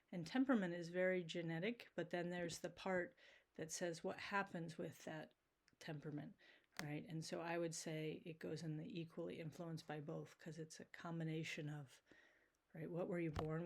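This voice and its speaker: Woman teacher talking thru slides, kinda low voice, says "right?" a lot. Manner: casual, checks in with frequent "right?". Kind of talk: recorded video lecture.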